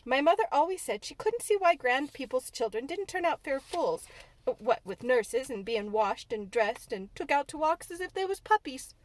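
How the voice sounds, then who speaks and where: A woman's voice: high voice, very animated, moderate pace, no echo. A woman voicing a young, chatty, good-natured housemaid with a broad Yorkshire accent. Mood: blunt. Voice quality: broad dialect, homely and frank.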